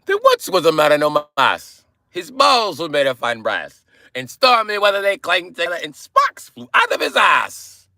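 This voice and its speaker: A man voicing a crude Irish leprechaun with a put-on Irish accent, reciting in a sing-song, shouted rhyme. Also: sits high, huge pitch swings, normal speed, vocal fry, no echo, studio quality, pitched above the performer's own voice, heavily acted. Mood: gleeful.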